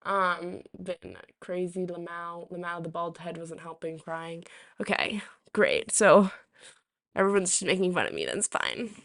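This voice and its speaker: Slow, gravelly-voiced woman streamer. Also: on the low side, animated, fairly bright tone, dry recording, studio quality. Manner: rambling, full of ums and restarts. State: sore, slightly rusty throat. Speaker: live streamer reading chat. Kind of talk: casual live-stream chat.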